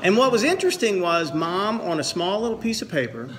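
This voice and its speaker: A man's voice: high-pitched, big pitch swings, a little fast, noisy background. A man speaking at his mother's memorial service as her son, mixing heartfelt reflection with jokes. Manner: earnest storyteller, tells jokes. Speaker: son giving a eulogy. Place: memorial service with a pastor present.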